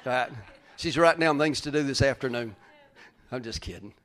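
A man preaching a folksy sermon as pastor, swinging from loud calls to hushed whispers. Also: mid-range voice, normal speed.

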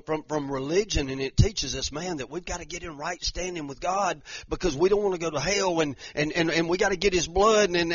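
A man's voice: high-pitched, a bit bright, slightly rough, dry recording, dull audio. A man preaching a sermon as pastor, impassioned, repeating phrases and restarting lines.

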